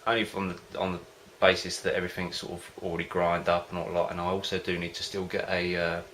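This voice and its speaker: Here a home-brewing vlogger talks casually to camera, his low voice steady within a narrow band and his tone bright and forward. The pace is fast, the delivery rambling and hesitant as he loses his thread, and faint background noise is present.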